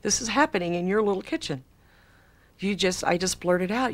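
A woman's voice: lowish voice, lively intonation, normal speed. A woman in an archive interview, telling her story with breathless wonder.

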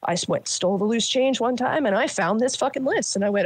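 A woman's voice: a little high, animated, fast, slightly rough, no echo. Blunt woman telling a hard story. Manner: blunt, frequent swearing, many fillers. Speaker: guest. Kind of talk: candid personal storytelling.

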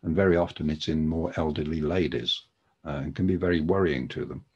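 A man's voice: a bass voice, steady tone, brisk, darkish tone, slightly rough, lo-fi sound. A man giving a webinar lecture on podiatry, talking conversationally with frequent ums and restarts.

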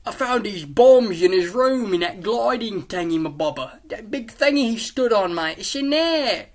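A panicky teenage boy squeaks in a shrill falsetto. His words tumble out in slang. The pitch is pushed far above a normal speaking voice. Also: expressive, unhurried, dark tone. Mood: squeaky panic.

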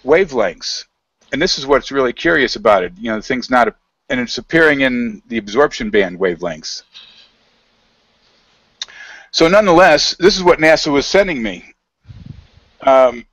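A man telling a rambling story in a casual, halting way, full of fillers and quoted dialogue, over a video call. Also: mid-range voice, fairly bright tone, no room sound. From United States.

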